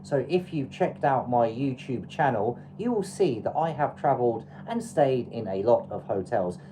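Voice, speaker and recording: A woman's voice: extremely low pitch, expressive, moderate pace, warm tone, a little hiss or hum, poor audio. A woman from England with an English accent, hosting a travel livestream in a loose, chatty, advice-giving way with plenty of fillers. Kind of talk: casual livestream chat.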